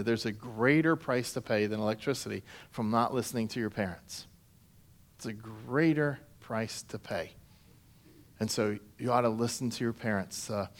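A pastor preaching a sermon in a conversational way, asking the congregation direct questions. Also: male voice, on the high side.

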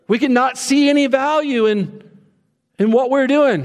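A man preaching a sermon as pastor, animated and conversational, acting out quoted voices with humor. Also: extremely high pitch, moderate pace. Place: church sanctuary. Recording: reverberant church hall.

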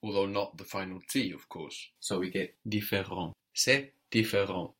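A man's voice: low-pitched, normal speed, fairly bright tone. A man teaching French in an audio lesson, patient and methodical, prompting the learner and spelling words letter by letter.

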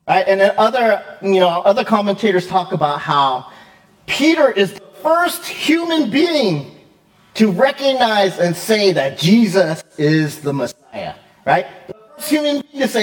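A male pastor preaching a conversational sermon, lively and quick, with fillers and frequent "right?" check-ins. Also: high-pitched. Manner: quick, with fillers and self-corrections.

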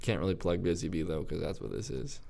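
A man hosts a casual podcast interview with a fairly low voice. He keeps up a stream of playful, chatty reactions. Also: animated, gravelly, mellow. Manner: chatty, playful, quick to laugh. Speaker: podcast host.

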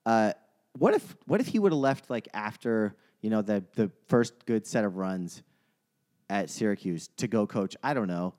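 A man's voice: on the low side, lively intonation, moderate pace, darkish tone. A man co-hosting a casual sports podcast, ranting his hot takes with plenty of swearing and trailing off mid-sentence. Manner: rambling, restarts mid-sentence. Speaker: podcast co-host.

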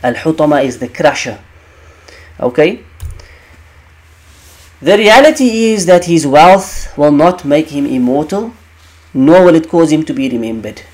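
A man's voice: a little high, expressive, measured pace, long pauses, a little mellow. A man teaching the meaning of Quranic verses in an emphatic way, repeating key phrases and asking rhetorical questions.

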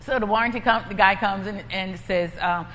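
A woman's voice: mid-range voice, brisk, a bit bright. A woman preaching and giving a personal testimony in an emphatic, repetitive, conversational way. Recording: echoey hall, faint ambient noise.

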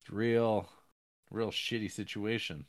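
A man gives a casual, rambling recap of a movie's plot, full of fillers and false starts, and his pitch jumps up whenever he performs a character's lines. His tone stays steady and his pace is slow.

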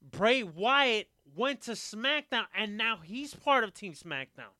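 Male co-host, high and bright, dry close mic, emphatic and animated. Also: takes it slowly, no echo. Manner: animated, emphatic, swears freely. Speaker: podcast co-host. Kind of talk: casual wrestling chat.

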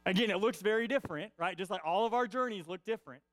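A man's voice: high-pitched, fast talker, dry recording. A man preaching a conversational sermon, often checking in with his listeners with "right?" and repeating key lines for emphasis. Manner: peppers points with "right?" tag questions. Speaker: pastor.

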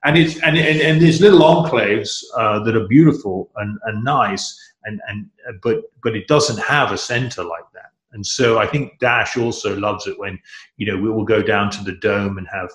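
A man's voice: fairly low pitch, moderate pace, a bit bright, echoey room. A middle-aged man chatting as an interview guest, rambling and enthusiastic, often restarting his sentences. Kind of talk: casual interview chat.

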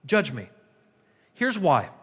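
Guy pastor preaching, high voice, keeps repeating for punch, long echo in the church. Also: wildly swooping pitch, slow pace, slightly rough. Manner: emphatic, repetitive preaching with rising intensity. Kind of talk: sermon. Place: church sanctuary. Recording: long hall reverb.

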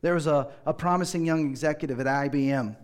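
Earnest preacher man, slightly high voice. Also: clean tone. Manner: earnest, slows down and drops quiet for emphasis. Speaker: pastor. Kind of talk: sermon.

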